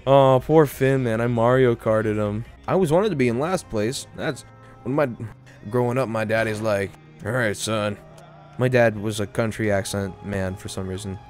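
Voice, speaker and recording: A man's voice: lowish voice, normal speed, darkish tone, soft background music. A young man streaming a game, cracking goofy jokes in rambling, filler-heavy casual chat. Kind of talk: casual live-stream commentary.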